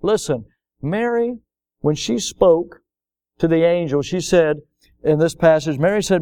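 A man's voice: fairly high pitch, measured pace, warm tone, smooth. A middle-aged man preaching a sermon as pastor, building to emphatic, impassioned peaks.

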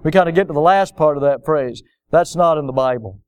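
Smooth-voiced impassioned male preacher. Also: fairly high pitch, a little fast. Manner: impassioned preaching, rising to emphatic peaks. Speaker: pastor. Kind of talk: sermon.

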